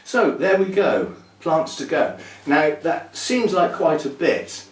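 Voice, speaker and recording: A man's voice: on the high side, big pitch swings, slow. A man, hosting a chatty orchid video, thinking aloud with little chuckles as he packs and repots plants. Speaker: orchid channel host. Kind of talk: casual chat while packing and repotting plants. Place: indoor room, working with plants. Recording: roomy, somewhat distant, faint noise.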